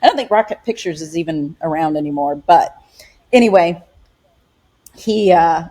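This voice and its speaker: A middle-aged woman pastor and author, chatting as an interview guest, telling stories in a lively way with acted-out quotes and frequent laughter. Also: on the low side, normal speed, breathy edge. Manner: animated storyteller, acts out quotes, laughs often. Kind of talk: casual interview chat.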